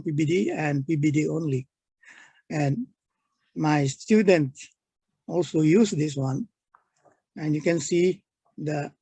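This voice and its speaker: An older man giving a halting technical engineering lecture, walking through slides step by step. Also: fairly high pitch, vocal fry, a little mellow, breathy edge, dry recording. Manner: slow, halting, pointing at slides.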